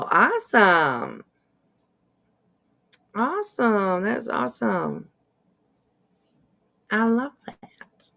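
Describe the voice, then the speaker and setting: A woman's voice: mid-range voice, lively intonation, extremely slow, gravelly, pauses often, a bit bright. A woman hosting casual drama commentary, rambling and hesitant with lots of fillers and restarts, and dropping sarcastic asides. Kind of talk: casual commentary over clips.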